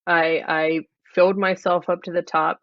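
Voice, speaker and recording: A performer stays in character for an improvised interview, talking flat and deadpan at a middle pitch. The video call audio is dull and lo-fi, with a dry sound and no room echo. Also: moderate pace. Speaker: improv comedy guest.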